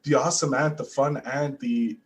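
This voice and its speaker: Speaking at normal speed in a mid-range voice, this podcast host interviews a guest with casual eagerness, constantly restarting and dropping fillers. The recording quality is low.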